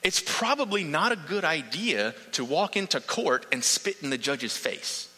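A man's voice: fairly high pitch, animated, measured pace, pushed and bright, slightly rough, big-room sound, rough recording. A man preaching a sermon, earnest and emphatic, building points through repetition.

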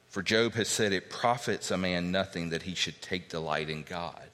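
A man delivers an expository sermon with a slightly low but bright, forceful voice. He teaches emphatically, circling back to repeat key points and reading scripture aloud. His voice rings with the long reverb of a large hall. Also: normal speed, hardly any pauses. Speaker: pastor.

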